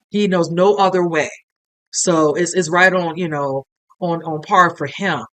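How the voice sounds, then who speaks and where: A man with a fairly high-pitched voice hosting a casual reaction commentary. He talks earnestly and with feeling, looping through filler phrases as he works through his thoughts. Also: fairly even intonation, a little slow, fairly bright tone. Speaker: reaction video host.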